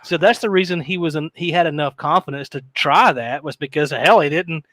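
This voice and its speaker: A man's voice: fairly high pitch, a little fast, fairly bright tone, no echo. Profane rambling man, dry close sound. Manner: rambling, profane, laughs often, mimics voices. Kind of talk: casual storytelling chat.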